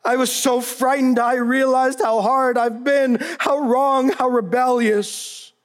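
A woman's voice: sits high, fairly even intonation, takes it slowly, voice pushed up. A man putting on a tearful young woman's pleading voice. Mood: urgent pleading. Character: young adult daughter, sobbing and repentant.

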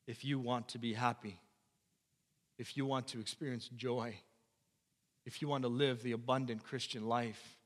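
A male pastor preaching a sermon emphatically, repeating phrases and swinging between loud and quiet. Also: medium pitch, fairly even intonation, normal speed, long pauses, big-room sound. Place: church.

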